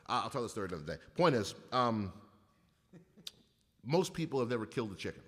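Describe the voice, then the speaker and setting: A man in casual comedic chat, telling animated, profane stories with acted-out quotes. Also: medium pitch, brisk. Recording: long hall reverb.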